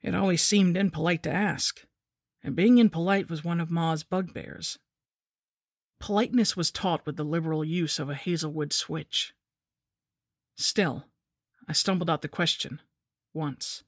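A woman narrating a scripted horror story in a measured, somber way. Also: low voice, no room sound, studio quality.

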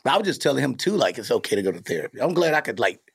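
A man, a comedian and dad hosting a podcast, telling stories in a casual, animated way with plenty of cursing. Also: medium pitch, rapid-fire, vocal fry, husky. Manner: animated storytelling, cursing freely. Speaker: podcast host; comedian and father.

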